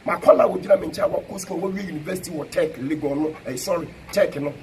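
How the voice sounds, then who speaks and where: Ghanaian guy firing back at a critic, loud and repetitive, kinda high voice, light hiss behind. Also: quick pace. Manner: emphatic, repetitive, confrontational. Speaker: preacher answering a critic. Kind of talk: fiery spoken reply mixing Twi and English.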